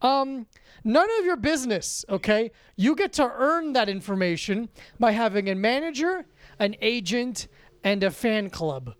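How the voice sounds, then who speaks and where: A man co-hosting a casual comedy podcast, riffing quickly and teasing his partner with constant interjections. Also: very high voice, big pitch swings, clean tone, dry recording. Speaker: podcast co-host.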